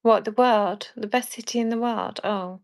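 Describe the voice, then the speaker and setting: A woman from Birmingham with a Birmingham accent, chatting casually and softly on a live stream, often laughing at herself. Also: fairly high pitch, fairly even intonation, moderate pace. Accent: Birmingham English. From England. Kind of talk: casual chat.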